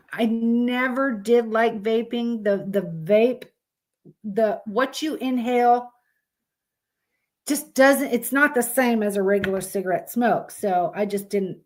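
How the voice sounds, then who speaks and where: A woman, hosting a casual live stream, blunt and profane as she chats with her viewers. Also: a little high.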